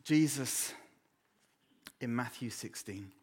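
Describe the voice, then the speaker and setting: A man preaching a sermon in church, with dramatic pauses and dropping to a low hush on key words. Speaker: pastor.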